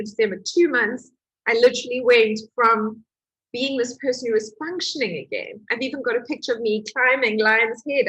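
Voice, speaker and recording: A woman speaks in a husky, breathy voice that sits a little high. She gives a candid, confessional motivational talk as a healing coach and tells her own story with open emotion. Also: a bit bright, poor audio.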